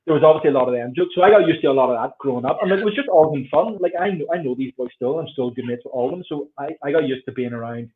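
A Northern Irish man in his thirties, chatting as a podcast guest and acting out little quoted exchanges as he tells his stories. His voice sits at an ordinary middle pitch. It comes through thin and tinny, like a phone line. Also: racing, hardly any pauses. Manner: animated storyteller who acts out quoted voices. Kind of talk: casual conversation.

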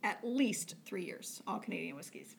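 A woman's voice: medium pitch, wildly swooping pitch, moderate pace, creaky, slight background noise. A middle-aged woman co-hosting a casual podcast, easygoing and searching for words as she explains. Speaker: podcast co-host, retired firefighter. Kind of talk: casual chat.

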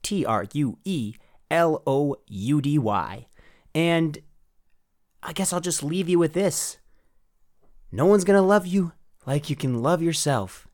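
A podcast host putting on a folksy Canadian accent for a cheerful, chirpy sign-off, swearing casually. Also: male voice, fairly high pitch, animated, slow pace, pauses often, darkish tone. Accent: put-on Canadian.

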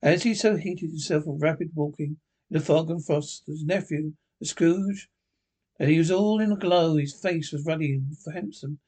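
A man's voice: fairly high pitch, moderate pace, a little mellow, breathy edge. A man reading a storybook aloud as narrator, unpolished with frequent slips and restarts. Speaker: reader. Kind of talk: amateur audiobook narration.

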